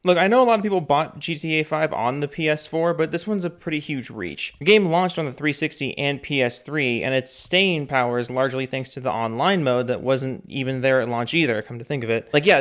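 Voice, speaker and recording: A man's voice: medium pitch, a bit bright. A man hosting a reaction video, talking in an exasperated, sarcastic, incredulous way.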